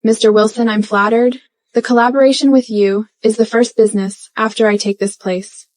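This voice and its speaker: A woman's voice: fairly high pitch, steady tone, moderate pace, darkish tone, no echo, lightly acted. A woman voicing a poised young chairwoman. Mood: composed. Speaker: new company chairwoman. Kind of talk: dubbed drama dialogue.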